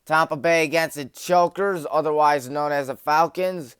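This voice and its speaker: A man's voice: on the high side, normal speed, a bit bright, smooth, no echo, clean studio sound. A young man hosting a sports talk show, rattling off game picks with jokey, rambling asides. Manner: jokey, rambling, self-mocking. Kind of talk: rapid-fire game picks with joking asides. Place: small community TV studio.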